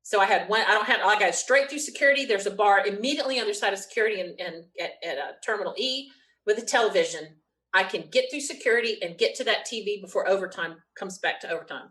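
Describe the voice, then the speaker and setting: Lively woman telling a story. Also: mid-range voice, poor audio. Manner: lively, quick storyteller who laughs often. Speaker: interview guest. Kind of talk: animated anecdote telling.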